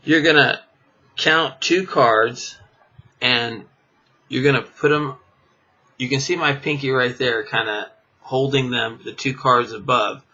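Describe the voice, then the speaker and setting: A man's voice: mid-range voice, slow pace, bright, forceful tone. A man teaching a card trick in a casual, rambling way, full of fillers and chuckling at himself. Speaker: magic teacher. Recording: dull lo-fi camera audio.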